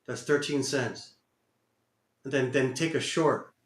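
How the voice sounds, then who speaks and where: A man narrates his own day trades live, muttering, swearing and repeating himself out of frustration. His medium-pitched voice is slow and steady in tone, recorded with a roomy echo.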